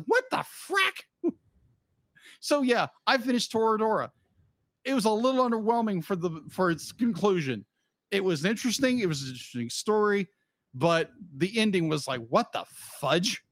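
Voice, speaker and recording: Man, podcast co-host, casual rambling chat, slightly high voice, dry close mic. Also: expressive, fairly quick, no echo. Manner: rambling, frequent restarts and "be like" asides.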